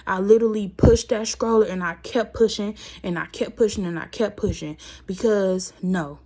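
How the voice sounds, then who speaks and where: A woman's voice: mid-range voice, steady tone, normal speed, a little mellow. A young woman shares a personal story in a casual vlog, speaking straight to her viewers. She is emotional and fights back tears as she talks, with a voice in the middle of the usual range for a woman. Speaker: vlogger telling a personal story.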